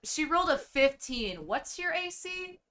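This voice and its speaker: A woman's voice: sits high, big pitch swings, unhurried, pushed and bright. A woman running a tabletop game on stream, narrating casually, rambling and swearing freely. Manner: rambling, swearing, laughing often.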